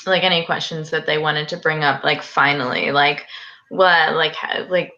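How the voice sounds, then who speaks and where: A woman's voice: sits low, steady tone, moderate pace, sharp tone, lo-fi sound. A woman hosting a casual online panel discussion, chatty, with many fillers. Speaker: host.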